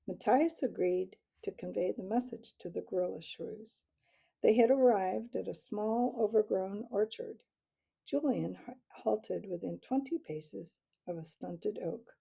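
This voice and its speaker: A woman narrating a storybook chapter in a measured, steady reading voice. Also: medium pitch, creaky, breathy edge. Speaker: audiobook reader.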